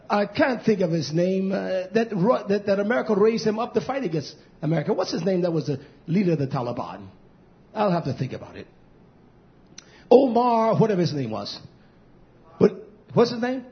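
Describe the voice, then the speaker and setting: A man preaching an impassioned sermon, swinging between low mutters and shouted outbursts, drawing out and repeating words for emphasis. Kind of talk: fiery sermon. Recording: dull lo-fi recording.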